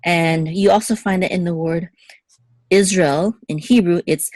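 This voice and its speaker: A woman with a slightly low voice gives a patient lesson, recorded close up in a dry space. She explains step by step and repeats key words slowly so learners can copy them. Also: a little mellow, no echo. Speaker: Hebrew teacher. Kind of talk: teaching lesson.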